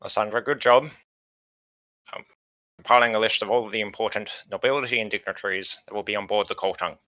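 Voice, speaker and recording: A man with a low but bright, forceful voice runs a tabletop game as the game master. He explains at an easy pace, with plenty of ums. The close, dry mic sounds a little dull and lo-fi. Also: fast, no room sound. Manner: relaxed, explaining with fillers.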